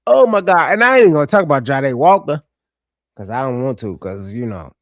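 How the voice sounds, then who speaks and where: A man co-hosting a sports podcast, telling stories in a profane, animated way. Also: medium pitch, brisk, no room sound, studio quality. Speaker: podcast co-host. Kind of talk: casual sports chat.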